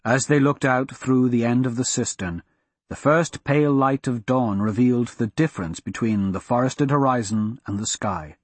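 A man narrating a fantasy audiobook in a steady, measured storytelling manner. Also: mid-range voice, breathy edge, no room sound.

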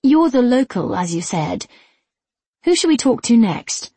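A determined, quick-tempered young heroine, as a woman reads her out in a storybook, her voice lifted higher and pushed eager. Her tone stays a touch husky and dry. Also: big pitch swings, warm tone, no room sound, exaggerated voice.

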